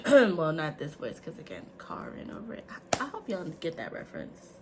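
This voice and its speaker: A woman in her thirties vlogging to camera in a chatty, animated way, with many asides to her viewers. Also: deep voice, normal speed, very noisy. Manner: chatty, animated, says "y'all" and "like" often. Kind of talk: casual talk to camera.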